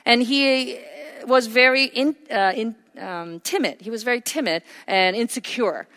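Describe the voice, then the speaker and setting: A woman's voice: on the high side, measured pace, a bit bright. Woman preaching in a reverberant hall. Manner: earnest, emphatic, with frequent fillers. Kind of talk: sermon.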